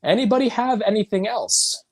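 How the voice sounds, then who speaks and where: A man hosting a casual movie podcast, easygoing and quick to laugh. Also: high-pitched. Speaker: podcast host. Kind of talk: casual chat.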